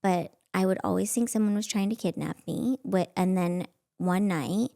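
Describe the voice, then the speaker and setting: With a mid-range, mellow voice touched by vocal fry, a woman in her thirties hosts a podcast at a moderate pace. The storytelling is casual and chatty, self-mocking and heavy on filler words.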